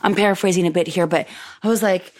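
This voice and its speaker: A woman with a lowish voice tells her listeners a personal story in an effusive, chatty way. She laughs often and slips into the voices of the people she quotes, like a host talking straight to her audience. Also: fairly even intonation, quick pace. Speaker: podcast host.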